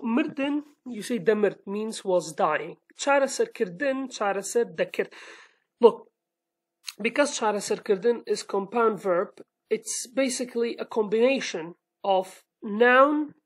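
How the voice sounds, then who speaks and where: With a mid-range voice and a Kurdish accent, a woman from Sulaymaniyah in Iraqi Kurdistan, whose mother tongue is Kurdish, leads a language lesson. She goes step by step, patient throughout, and keeps checking in with "okay?".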